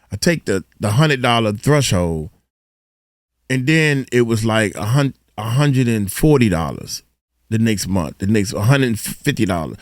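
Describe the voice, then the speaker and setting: An animated man gives casual reaction commentary, his pitch swinging widely as he lectures in a loose, colloquial style. The recording is dry and close, with no room sound. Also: no room sound. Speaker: host reacting to a video.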